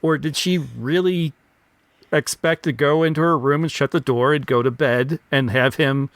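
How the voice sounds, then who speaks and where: A man's voice: fairly high pitch, moderate pace, a bit bright, no echo. Musing man podcast co-host. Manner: questioning, musing, restarts. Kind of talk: casual film discussion.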